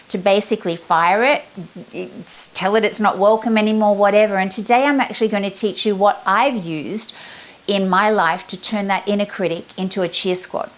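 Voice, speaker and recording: A middle-aged woman, giving a chatty, upbeat motivational talk as a sales confidence coach. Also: mid-range voice. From Australia. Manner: upbeat, chatty, acts out her examples.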